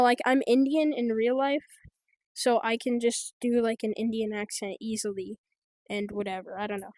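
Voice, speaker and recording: A woman's voice: on the high side, a little mellow, no room sound. An American woman giving game trading tips in rambling, casual commentary, full of fillers like "like" and "so". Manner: rambling, filler-heavy, offhand.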